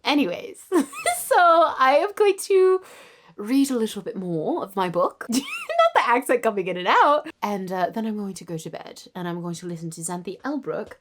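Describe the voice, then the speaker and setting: A woman's voice: medium pitch, lively intonation, moderate pace. A young Canadian woman in her twenties talks late at night for a writing vlog. She sounds tired and chats casually in a self-mocking way, often sinking into a near-whisper. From Toronto, Canada. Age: 20s. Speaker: writer and vlogger.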